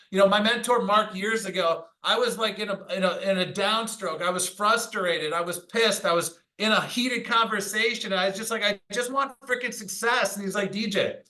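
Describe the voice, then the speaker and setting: A man leading a sales training call, pumping up his team with energetic, pushy motivational talk, mild swearing and stories, often checking in with "all right?". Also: high-pitched, rough recording. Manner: mild swearing, tells anecdotes.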